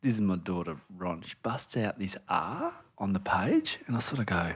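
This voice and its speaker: A man, co-hosting a podcast in casual chat and telling a parenting story, dropping to a hush when he acts out sleepy moments. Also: sits low, animated, moderate pace, slightly rough. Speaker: podcast co-host.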